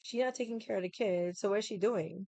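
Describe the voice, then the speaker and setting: A woman's voice: medium pitch, fast talker, vocal fry, warm tone, no room sound. A woman vlogger in casual chat, telling a rambling story bluntly and swearing freely.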